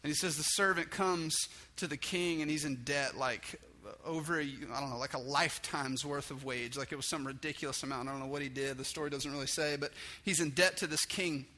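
A man's voice: fairly high pitch, fairly quick, few pauses. A man preaching a casual sermon, talking conversationally and acting out the story's dialogue. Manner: casual and conversational, with many restarts and "like"; acts out dialogue with raised, excited voice. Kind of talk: informal sermon.

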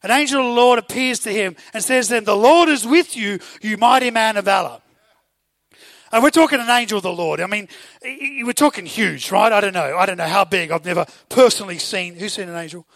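High-voiced Australian preacher, animated. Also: male voice, fast talker, no echo. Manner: animated storytelling, rhetorical questions to the audience. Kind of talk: sermon.

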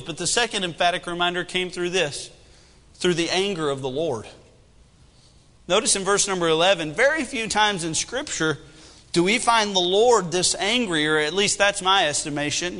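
A man in his thirties preaching a sermon with animated delivery and humor. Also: sits high, long reverb tail. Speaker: pastor.

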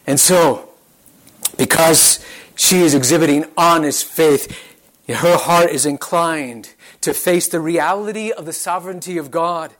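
Earnest male pastor, measured sermon delivery, slightly high-pitched. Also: fairly bright tone. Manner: earnest, measured, rhetorical questions.

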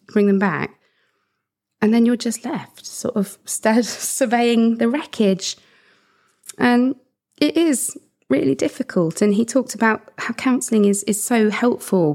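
A woman's voice: mid-range voice, vocal fry, darkish tone. A woman hosting a podcast in a reflective, earnest chat, often restarting her sentences. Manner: earnest, with frequent restarts and laughter. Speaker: podcast host.

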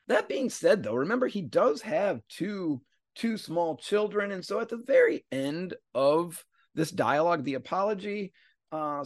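Animated, slangy male podcast host. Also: fairly high pitch, no echo, studio quality. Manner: slangy, conversational, acts out quotes. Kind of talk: casual explanatory retelling.

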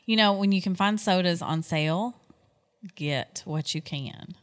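A woman's voice: fairly low pitch, measured pace. A middle-aged woman co-hosting a podcast from home, chatting casually and rambling through everyday stories. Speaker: podcast co-host. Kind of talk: casual chat.

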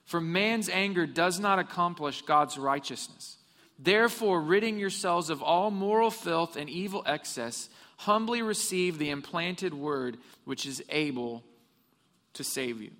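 A man's voice: a little high, expressive, unhurried, pushed and bright. A man preaching a sermon in a church hall, telling funny stories and asking the congregation questions. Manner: humorous storytelling, asks the congregation questions. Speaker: pastor. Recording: long reverb of a hall.

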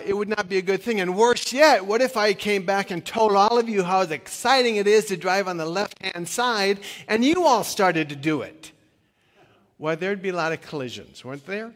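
An older man preaches a relaxed, story-driven sermon, his voice sitting a bit high for a man. He jokes at his own expense and leans on plenty of fillers. A long reverb trails his words through the church hall. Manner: chatty storytelling with self-deprecating humor and many fillers. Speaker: retired pastor. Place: church sanctuary.

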